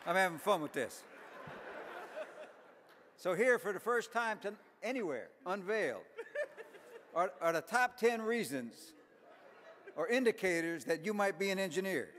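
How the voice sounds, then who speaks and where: A man's voice: sits high, very animated, measured pace, pauses often, fairly bright tone, slight background noise. A middle-aged man telling folksy, self-deprecating jokes as an after-dinner speaker at a banquet. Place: large banquet hall. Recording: long hall reverb.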